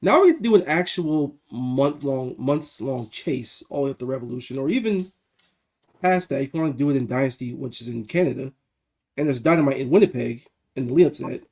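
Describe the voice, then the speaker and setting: A man co-hosting a casual wrestling review podcast over a video call, animated and swearing freely. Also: mid-range voice. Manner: animated, swearing, quick asides. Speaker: podcast co-host.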